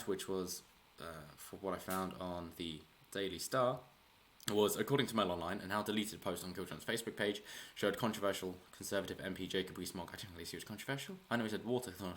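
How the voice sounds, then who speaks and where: Low-voiced man rambling commentary. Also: a little hiss or hum. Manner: rambling, frequent restarts, chuckles while talking. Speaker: political commentary channel host. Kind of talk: casual solo commentary.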